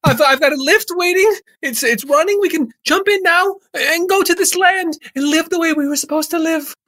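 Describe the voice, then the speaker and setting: High, bright woman proclaiming. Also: brisk. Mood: excited. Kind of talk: improv comedy sketch.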